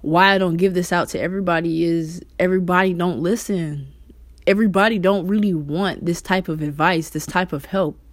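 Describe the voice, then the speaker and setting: A woman's voice: lowish voice, fairly even intonation, fairly quick, no echo. A woman talking casually to the camera about spiritual energy, loose and conversational, swearing now and then. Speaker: vlogger.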